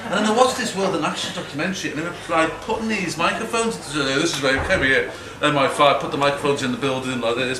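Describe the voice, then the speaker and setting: A middle-aged guest speaker from Liverpool, England, with a Liverpool accent and a slightly high voice, rambles through chatty anecdotes for a live audience in an event hall, talking fast with few pauses. He's self-mocking, laughs often and acts out quotes. The recording is echoey, with the mic far off and background noise.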